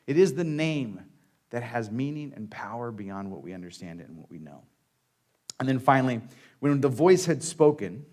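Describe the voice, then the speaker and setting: A man pastor delivering a sermon in a relaxed, conversational way. He acts out people's lines and leans on dramatic pauses to tell the story. His voice sits at an ordinary middle pitch for a man.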